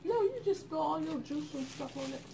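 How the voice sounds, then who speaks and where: A woman's voice: sits high, lively intonation, a little fast, vocal fry, warm tone, a little hiss or hum. A woman with a Southern US accent joining a casual meal chat, teasing and giving short, dry answers. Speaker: co-host at the meal. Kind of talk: casual chat while eating.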